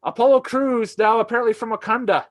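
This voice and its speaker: A man's voice: extremely high pitch, fairly even intonation, a little fast. A man hosting a casual review podcast, speaking in an easygoing way that is full of chuckles and hesitant fillers. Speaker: podcast host. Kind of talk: casual wrestling review chat.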